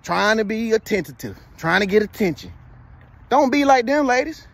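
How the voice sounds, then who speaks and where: A man's voice: high voice, sing-song, moderate pace, creaky, breathy edge. A man in his thirties giving casual motivational advice, preachy and repetitive, who keeps checking in with "you feel me.". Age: 30s. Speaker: motivational vlogger.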